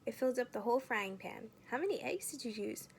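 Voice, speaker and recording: An earnest, cautious schoolboy from a children's book, voiced by a woman reading aloud. He asks doubtful questions in a plain, slightly high voice. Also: expressive, fairly quick, slight background noise.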